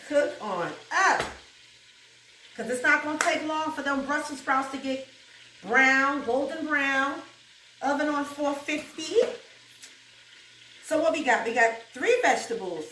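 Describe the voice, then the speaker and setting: A woman's voice: high voice, normal speed, fairly bright tone, recorded from a distance, slight background noise. A woman with a New York accent hosting a home cooking video, chatting casually, laughing often and breaking into gospel song. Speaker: cooking show host. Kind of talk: casual cooking chat with bursts of gospel singing. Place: home kitchen with food frying. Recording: roomy kitchen audio from off-mic.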